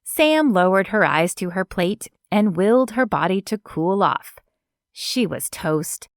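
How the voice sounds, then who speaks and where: A woman reads scripted narration for an audiobook in a measured, even storytelling style. Her voice is mid-range, and the clean studio sound has no room sound.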